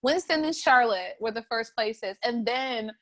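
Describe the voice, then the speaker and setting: Emotional young woman, high animated voice. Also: unhurried. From North Carolina, USA. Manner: animated, laughing, voice breaking with emotion. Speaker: interviewee, street artist. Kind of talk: emotional oral history interview.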